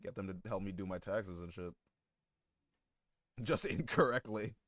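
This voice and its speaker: Male streamer, low-pitched, casual banter with chat, crude jokes and frequent laughs, dry close-mic sound. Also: a little slow, a bit bright, no room sound. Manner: joking, swears a lot, laughs often. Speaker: live streamer.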